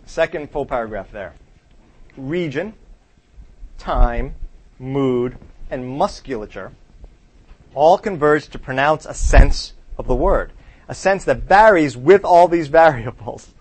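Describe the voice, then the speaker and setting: A male teacher lectures in a classroom, talking loosely and conversationally. His pitch sits at an ordinary middle height. He keeps throwing questions at the class and tagging his points with "right?". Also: animated, takes it slowly, pauses often, darkish tone, breathy edge.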